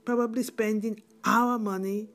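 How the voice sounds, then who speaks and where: A woman's voice: on the high side, steady tone, normal speed, close to an everyday voice. A middle-aged woman with a Nigerian accent playing a bitter, wounded widow in a film drama, given to indignant "eh?"s. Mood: aggrieved. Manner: indignant, tearful, repeats "eh?". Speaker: widowed mother.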